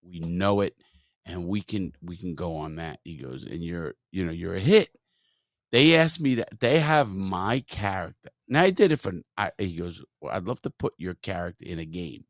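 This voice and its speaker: Male podcast host, low voice, lively swearing storyteller, dry close mic. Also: moderate pace, no room sound. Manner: profane, animated storyteller, quotes others. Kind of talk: casual storytelling chat.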